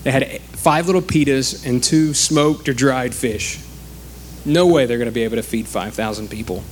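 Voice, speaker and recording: A man's voice: mid-range voice, moderate pace, slight background noise. A man preaching a sermon in a conversational way, acting out the quoted speakers.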